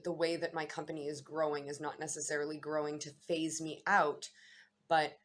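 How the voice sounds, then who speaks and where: Low-voiced woman musing on spiritual energies. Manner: meandering, reflective, self-correcting. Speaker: astrology vlogger. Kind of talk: casual spiritual musing to camera.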